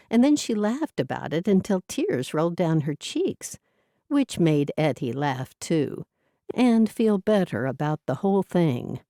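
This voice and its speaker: A woman narrating an audiobook in measured storytelling. Her voice is low and mellow with a lively, varied pitch, recorded close and dry. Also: dry recording. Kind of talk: scripted narration.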